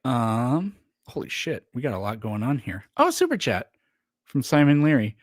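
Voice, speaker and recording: A man's voice: mid-range voice, sing-song, normal speed, no room sound, clean studio sound. A man chatting casually on a livestream, rambling with lots of fillers and restarts. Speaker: streamer.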